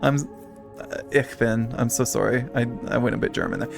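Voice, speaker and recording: A man's voice: medium pitch, fairly quick, vocal fry, music in the background. A man streaming a game, chatting playfully and reading game text aloud. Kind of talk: casual game livestream chat.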